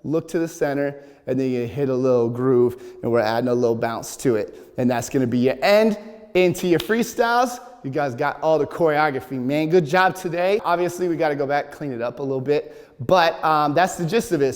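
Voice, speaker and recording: A young man teaching a dance routine, counting beats out loud while he dances and getting out of breath. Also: on the high side, normal speed, in a large hall. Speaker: dance instructor. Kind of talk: dance tutorial, counting out moves. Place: large echoey dance studio.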